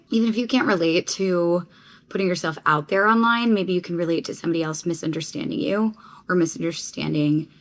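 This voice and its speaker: A woman's voice: mid-range voice, a bit bright. A young woman from Connecticut chatting casually to her phone camera in a rambling vlog, full of "like". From Connecticut, USA. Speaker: vlogger.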